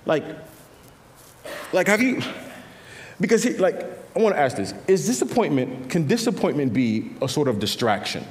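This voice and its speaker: A man preaching a sermon as pastor, swinging between quiet intimate passages and louder emphatic lines, often repeating words as he builds a point. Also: a little high, normal speed, long pauses. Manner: animated preaching, drops to quiet intimate tones and rises for emphasis. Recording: long reverb of a large hall.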